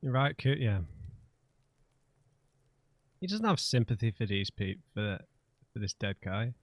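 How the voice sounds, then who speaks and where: A man's voice: medium pitch, very animated, measured pace, no echo. Frustrated man giving gameplay commentary. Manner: reads choices aloud, frustrated and exasperated. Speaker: let's play host.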